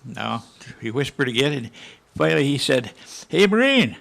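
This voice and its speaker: Gravelly, bright-voiced elderly man telling war stories. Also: mid-range voice, moderate pace. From United States. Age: 80s. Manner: vivid, with spoken gunshot sounds. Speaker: war veteran panelist. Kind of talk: storytelling to a live audience. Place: conference hall panel.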